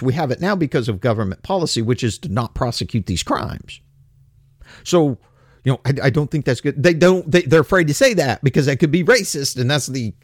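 A man's voice: a little high, dry recording, studio quality. A man ranting in opinion commentary, blunt, profane and sarcastic.

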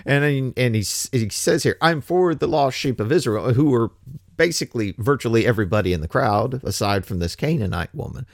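A man preaching a casual sermon, wry and animated, slipping from scripture into slangy paraphrase. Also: medium pitch, brisk, dry recording, clean studio sound.

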